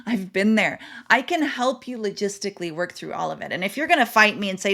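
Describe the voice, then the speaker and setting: A woman's voice: mid-range voice, lively intonation, moderate pace, a bit bright. A middle-aged woman, a parenting coach, talking earnestly and emphatically to her viewers in a casual, conversational way. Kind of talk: casual direct-to-camera talk.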